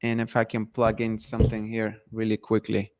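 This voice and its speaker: A man's voice: lowish voice, monotone, moderate pace, noisy background. A man hosting a live stream, chatting casually to viewers while he sets up screen sharing and repeats himself.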